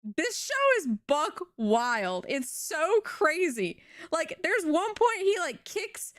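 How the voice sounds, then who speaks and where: A young woman streaming, retelling a show in an animated, rambling way with casual swearing. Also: high voice, takes it slowly, dry recording, clean studio sound. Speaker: VTuber streamer.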